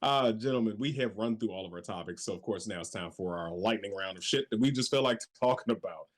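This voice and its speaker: A man's voice: lowish voice, quick pace. A man hosting a casual podcast, swearing freely and joking with his friends. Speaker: podcast host. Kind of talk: casual chat.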